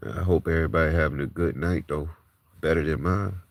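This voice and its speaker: His voice sits extremely low and moves briskly in a dry recording. The speaker is a male vlogger in his thirties, cursing as he pours out raw frustration and distress to the camera, exhausted and on the verge of crying.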